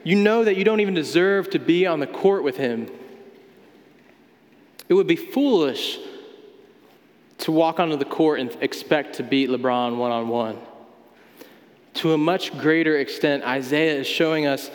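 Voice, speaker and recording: A man's voice: on the high side, measured pace, pauses often. A man preaching a sermon as pastor, talking in a conversational way with everyday examples. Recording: long hall reverb.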